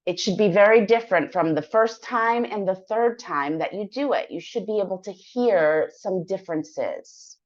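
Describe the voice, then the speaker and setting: A woman teaching English online, explaining a weekly practice plan step by step in a clear, encouraging way. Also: mid-range voice, lively intonation, normal speed, few pauses. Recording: dull lo-fi sound.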